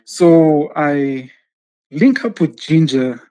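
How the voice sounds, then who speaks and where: Animated storytelling man, slightly high voice. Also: drawn-out words. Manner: acts out quotes, laughs often. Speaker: podcast host telling a story.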